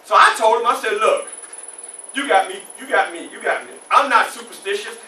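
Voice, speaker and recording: A male reenactor playing a formerly enslaved man who recounts his youth in an animated one-man stage show, shouting at tense moments, in a library room. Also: sits high, brisk, a little hiss or hum, voice pushed down, exaggerated voice. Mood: wry. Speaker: historical reenactor. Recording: roomy library room, mic far off.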